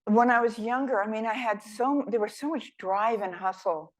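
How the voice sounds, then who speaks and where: With a slightly high voice at a normal speed, an older female guest author tells stories during a fireside chat on stage. She comes across warm, rambling, humorous and self-deprecating, often restarting thoughts partway through sentences. The recording is low quality, with slight background noise.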